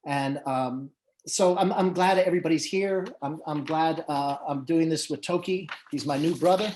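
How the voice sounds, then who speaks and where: A man's voice: fairly high pitch, normal speed, darkish tone, slight background noise. A man who manages musicians, moderating a panel and telling anecdotes in a loose, conversational way with many fillers and restarts. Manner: storytelling, with frequent fillers and restarts.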